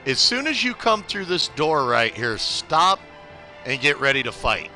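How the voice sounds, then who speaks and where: A man's voice: mid-range voice, sing-song, unhurried, bright, forceful tone, soft background music. A young man streaming a video game live, chatty and upbeat, greeting viewers by name while giving tips. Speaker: gaming livestreamer. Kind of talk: casual live gameplay commentary.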